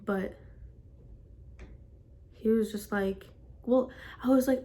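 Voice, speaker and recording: A woman's voice: medium pitch, fairly even intonation, moderate pace, pauses often, mellow. A young woman telling a personal story in a casual vlog, rambling with constant "like" fillers. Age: young adult. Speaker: vlogger.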